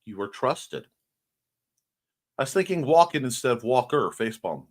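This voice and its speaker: A man's voice: medium pitch, expressive, normal speed, pauses often. A man hosting a casual livestream morning show, chatting playfully as he reads out and answers viewer comments. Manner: chatty and playful, jumping between topics.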